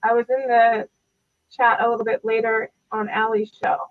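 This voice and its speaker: A woman's voice: fairly high pitch, little pitch movement, normal speed. A woman guest on a casual live-stream chat, talking in a rambling, thoughtful way. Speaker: guest reader. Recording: tinny dry phone-like line.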